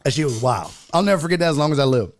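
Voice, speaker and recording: A man's voice: fairly high pitch, lively intonation, rapid-fire. A man hosting a sports stream, telling a story with lots of cursing and quoted voices. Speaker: sports show host. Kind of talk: casual livestream chat and storytelling.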